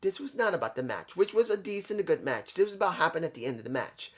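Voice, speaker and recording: A man's voice: high-pitched, very animated, fast talker. A man reviewing a wrestling show in a casual vlog, rambling, repeating himself and talking straight to his viewers.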